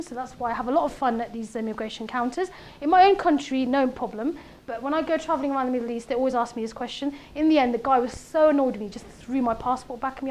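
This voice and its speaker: High-pitched woman, 30s, comedic speaker, animated storytelling with faint background noise. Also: fast. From Britain. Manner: punchy, animated delivery with quoted voices. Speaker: comedian giving a talk. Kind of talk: conversational talk with comic stand-up bits. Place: event room.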